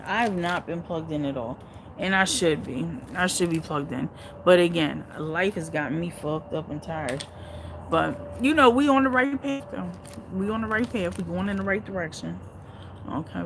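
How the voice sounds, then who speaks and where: A woman's voice: fairly low pitch, fairly bright tone, slight background noise, poor audio. A woman hosting a casual live stream, chatting bluntly and profanely with her viewers and laughing often. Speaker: livestream host reading viewer comments.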